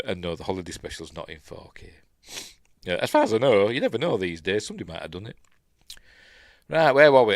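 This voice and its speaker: A man's voice: fairly low pitch, no room sound, clean studio sound. An older man with a Yorkshire accent, hosting a casual news live stream, rambling and reading chat comments aloud. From Yorkshire, England.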